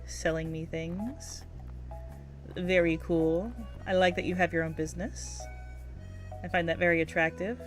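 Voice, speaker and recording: Woman streamer, casual gameplay commentary; chatty, giggly, a bit low in pitch. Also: steady tone, a little slow, long pauses, soft background music. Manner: chatty and giggly, talks to herself while playing.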